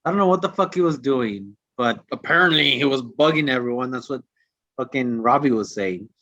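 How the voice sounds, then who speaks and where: A man's voice: medium pitch, brisk, no echo. A man co-hosting a podcast, telling stories in casual chat, swearing constantly and acting out what people said. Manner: animated, swears constantly, acts out quotes. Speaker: podcast co-host. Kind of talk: casual profane storytelling. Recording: dull lo-fi dry sound.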